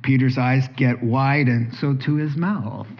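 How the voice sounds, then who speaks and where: Animated male preacher, dull lo-fi sound. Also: medium pitch, a little slow. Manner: animated storytelling, acts out dialogue. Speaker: pastor. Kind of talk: sermon.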